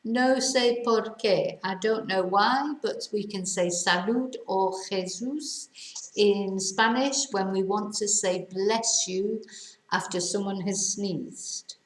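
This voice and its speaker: A woman teaching useful phrases in a chatty lesson, repeating each one slowly for learners. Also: mid-range voice. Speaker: language teacher. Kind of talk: casual language lesson. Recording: echoey room.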